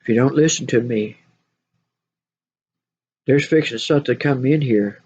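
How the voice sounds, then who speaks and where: A woman's voice: a bass voice, moderate pace, a little mellow, husky. Scolding woman preaching in a lo-fi vlog. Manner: repeats phrases, talks in bursts. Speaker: spiritual vlogger. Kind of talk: monologue rant to camera.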